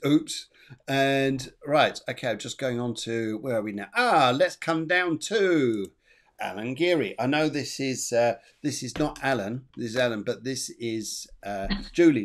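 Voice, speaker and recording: A man hosting a live online psychic show, giving readings and chatting about viewer messages in a rambling way with many fillers. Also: medium pitch. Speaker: medium and show host.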